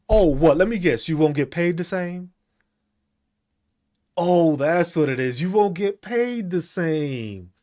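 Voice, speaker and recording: Male podcast host, mocking and crude, high voice that swings a lot. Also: a little mellow. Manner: mocking, profane, laughing between taunts. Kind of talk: ranting commentary reacting to comments.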